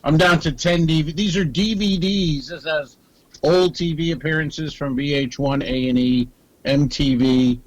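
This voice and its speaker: A man co-hosting a comedy podcast in casual chat, with wry, deadpan teasing. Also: a little high, a little slow, rough recording.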